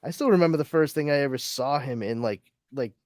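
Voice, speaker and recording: A man's voice: mid-range voice, fast, a little mellow, no echo, clean studio sound. A man hosting a casual podcast chat, reading out listener comments and rambling with many restarts. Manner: rambling, frequent restarts and fillers. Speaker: podcast host.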